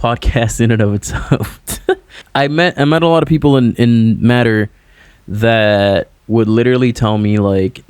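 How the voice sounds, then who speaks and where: A man's voice: on the low side, a little mellow, dry recording. A man, a musician guest, chatting casually on a podcast over a remote call, rambling and filling his talk with "like" and "you know".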